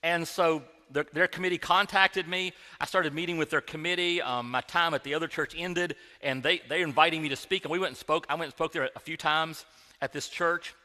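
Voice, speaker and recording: A man's voice: a little high, steady tone, fairly quick, bright, forceful tone. A middle-aged man preaching a sermon in a church, telling a personal story in a conversational way with frequent restarts. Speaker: pastor. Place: church sanctuary. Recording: long hall reverb.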